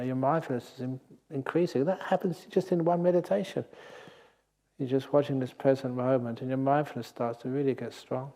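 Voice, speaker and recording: An older man giving a gentle, unhurried meditation talk with playful asides, as a meditation teacher on retreat. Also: mid-range voice. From England. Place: meditation hall at a retreat centre.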